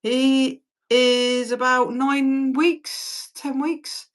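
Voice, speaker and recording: A woman's voice: sits high, level tone, very slow. A British woman in her forties hosting a casual livestream chat, talking loosely, laughing often and swearing freely. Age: 40s. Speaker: livestream host.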